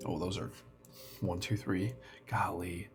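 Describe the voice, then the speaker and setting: A man's voice: deep voice, little pitch movement, slow, very noisy. A man playing a tabletop game, talking casually and hesitantly while he searches for words, with faint music behind. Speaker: player.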